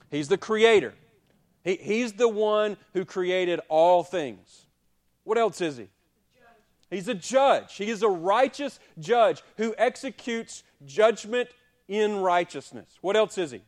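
A pastor preaches a sermon, his voice swelling to loud peaks and then sinking low and quiet. He repeatedly poses rhetorical questions to the congregation.

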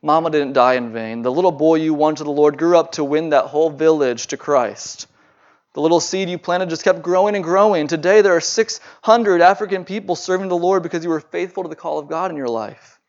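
A man's voice: a little high, brisk, highs cut off, pitched above the performer's own voice, lightly acted. A man voicing a devout daughter, earnest. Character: gentle, devout grown daughter comforting her father.

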